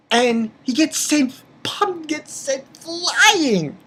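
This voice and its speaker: Excitable rambling man recapping a manga. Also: slow pace, hardly any pauses. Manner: excitable and rambling, jumps into high squeaky quotes; swears casually, repeats himself. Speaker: manga reviewer. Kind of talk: casual chapter recap.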